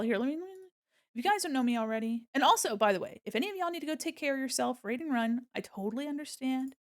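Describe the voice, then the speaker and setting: A woman's voice: on the high side, gravelly. A young woman streaming as an illustrator, chatting casually with bubbly, giggly greetings to her viewers. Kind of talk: casual livestream chat.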